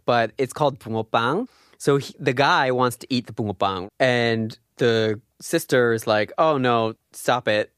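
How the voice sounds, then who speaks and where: A man's voice: medium pitch, fast talker, fairly bright tone, smooth, no room sound. Chatty male language teacher, dry sound. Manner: chatty, many fillers and asides. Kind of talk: casual explanatory lesson.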